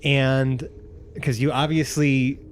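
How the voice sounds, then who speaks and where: A man narrating as game master of a tabletop game, rambling with many fillers and bursting into excited crowd voices. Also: medium pitch, slow, a little hiss or hum.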